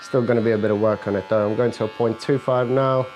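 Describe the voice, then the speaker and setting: A man's voice: fairly low pitch, steady tone, fast, a little mellow, slight background noise, rough recording. Man narrating a barbershop haircut. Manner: explains each step while cutting, jokey with client. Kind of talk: hair-cutting tutorial narration with client chat. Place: barbershop, indoors. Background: faint buzz of electric clippers.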